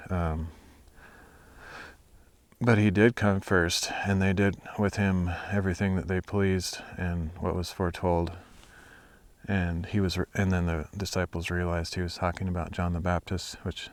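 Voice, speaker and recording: A young man with a very low voice talks through his thoughts on scripture, pausing and restarting often, before reading a chapter aloud. He is outdoors in nature, and the sound is dry and close with little reverb. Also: little pitch movement. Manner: thinking aloud with many fillers and restarts. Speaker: Bible reader and hiker. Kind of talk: casual reflection and Bible reading outdoors.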